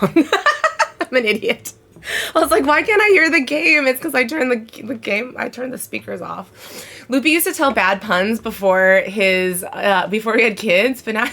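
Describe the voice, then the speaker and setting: Speaking in a mid-range, fairly bright voice, this woman is broadcasting live from home. She's chatty and meandering, addressing her chat in loose, casual stream talk.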